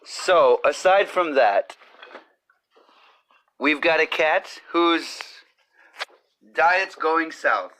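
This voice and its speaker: A man with a bright, fairly high voice hosts a comedy show from his kitchen. He takes his time, rambling from one crude, profane joke to the next. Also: lively intonation, extremely slow, pauses often. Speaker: podcast host. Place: home kitchen with cooking going on.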